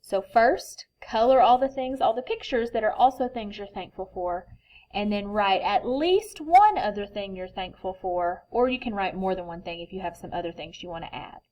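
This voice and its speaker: A woman teacher reading a picture book to children, then giving instructions in a gentle, expressive, patient way. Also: medium pitch, moderate pace, dull audio.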